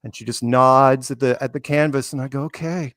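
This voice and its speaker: A man's voice: medium pitch, flat delivery, a little fast, a bit bright, no room sound, clean studio sound. A man hosting a casual talk show, telling a teasing made-up story about his guests. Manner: teasing storyteller, quotes people in put-on voices. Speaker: podcast host. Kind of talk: casual chat.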